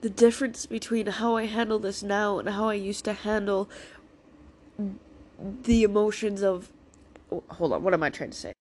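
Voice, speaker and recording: A woman's voice: medium pitch, normal speed, a little mellow. A woman in a raw, emotional personal vlog, talking through tears, reassuring herself and swearing freely. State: crying, emotional. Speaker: vlogger.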